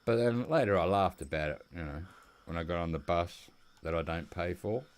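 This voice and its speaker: Low-voiced Australian man rambling over gameplay. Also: moderate pace. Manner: rambling storytelling. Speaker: gaming commentator. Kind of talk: casual gameplay commentary.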